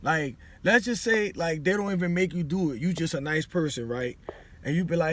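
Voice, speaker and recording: A man's voice: high-pitched, a little fast, slight background noise. A man in his forties with a New Orleans accent, giving casual life advice to a phone camera in a loose, conversational way. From New Orleans, Louisiana. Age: 40s. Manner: loose and conversational, with frequent "you know what I'm saying". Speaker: vlogger.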